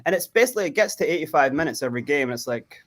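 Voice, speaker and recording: A man with a high, bright, forceful voice chats loosely as a fan guest over a video call. He talks fast and casually, with plenty of laughter and energy. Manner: laughing, energetic, breaks into loud chant-singing. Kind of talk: casual chat.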